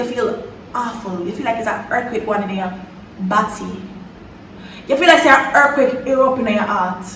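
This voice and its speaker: A young woman from Jamaica with a Jamaican accent, telling a story in a lively, dramatic way with patois slipping in. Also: fairly high pitch, brisk, reverberant, distant mic, a little hiss or hum, rough recording. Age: young adult. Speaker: vlogger. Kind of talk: storytime chat.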